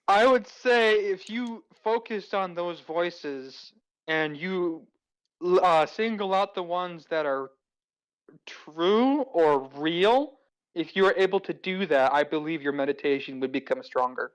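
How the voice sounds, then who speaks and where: A man playing a tabletop game, speaking in a calm, measured and formal way as his character. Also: sits high, smooth, rough recording. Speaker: player. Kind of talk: in-character tabletop role-play.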